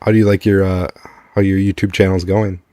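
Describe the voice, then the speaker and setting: Deep-voiced man hosting a podcast. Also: level tone, fairly quick, dark tone, no echo, studio quality. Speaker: podcast host. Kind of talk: casual podcast interview.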